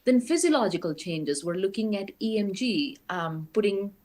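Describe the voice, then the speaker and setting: A woman giving an academic lecture in a lively, explanatory way, posing rhetorical questions to the audience. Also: medium pitch, normal speed. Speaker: guest lecturer.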